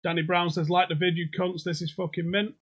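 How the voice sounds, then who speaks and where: Bright-voiced man hosting a quiz. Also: sits high, level tone, brisk. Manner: jokey, sweary, reads out chat comments. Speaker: pub quiz host. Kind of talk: casual livestream banter. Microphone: desk microphone.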